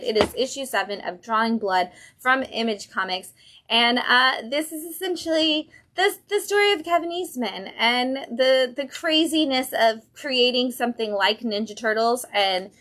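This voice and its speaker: A woman with a somewhat high voice hosts a casual livestream from a comic book shop. She talks in an enthusiastic, chatty way, filling her speech with "um" and "like" as she describes each new issue. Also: fairly bright tone. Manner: enthusiastic, chatty, acts out quotes with fillers.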